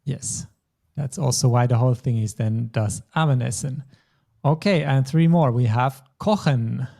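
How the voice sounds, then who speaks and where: A man's voice: mid-range voice, measured pace, vocal fry, mellow. A man teaching a German lesson, explaining grammar patiently step by step. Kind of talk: language lesson.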